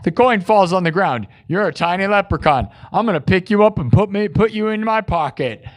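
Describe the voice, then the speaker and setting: A worn-out man hosts a late-night live stream in a fairly high voice. He rambles in loose, slangy chat, thanking viewers and spinning a silly improvised story. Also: expressive, fairly quick. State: exhausted. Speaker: live-stream host and musician.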